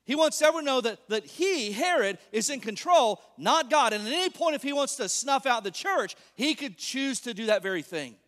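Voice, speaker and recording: A man preaching an animated sermon as pastor, joking and asking the congregation questions. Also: very high-pitched, normal speed, few pauses. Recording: long reverb of a large hall.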